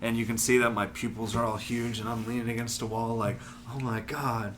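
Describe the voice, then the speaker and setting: A man's voice: medium pitch, level tone, fast talker, fairly bright tone, slight background noise. A young man co-hosting a podcast, rambling through stories with lots of swearing and laughter. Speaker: podcast co-host. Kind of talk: casual chat.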